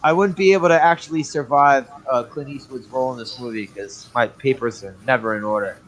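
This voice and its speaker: A man's voice: medium pitch, a little fast, slight background noise, rough recording. A man co-hosting a casual movie review chat, blunt and opinionated with heavy swearing. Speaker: podcast co-host.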